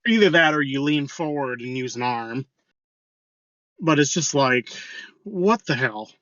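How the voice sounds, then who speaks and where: A man's voice: mid-range voice, a little slow, fairly bright tone, no room sound, dull audio. A man co-hosting a podcast, telling a crude work story in casual chat, swearing freely. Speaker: podcast co-host.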